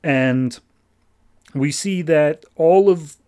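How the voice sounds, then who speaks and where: A man's voice: a little high, drawn-out words, warm tone, smooth. A man hosting a comic book podcast, recapping an issue in a casual, rambling way with wry, sarcastic asides.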